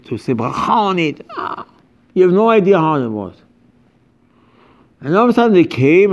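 A man's voice: medium pitch, darkish tone, dull audio. A man giving an informal religious lecture as a rabbi, speaking emphatically and animatedly in broken English with many repetitions.

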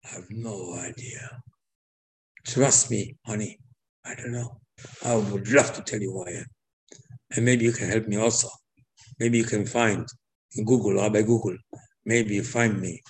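A man putting on a bewildered queen who pleads and repeats herself in a hushed, low voice. She sounds earnest and lost, and she begs to be believed. It plays like a story retold in a class. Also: fairly even intonation, moderate pace, pauses often, lightly acted, poor audio. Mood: pleading.

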